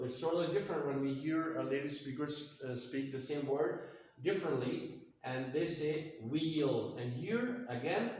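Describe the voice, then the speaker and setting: A man teaching pronunciation at a board, speaking deliberately with many hesitations. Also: a little high, darkish tone, slight background noise. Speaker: English teacher. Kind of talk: whiteboard lesson on pronunciation. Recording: very echoey room.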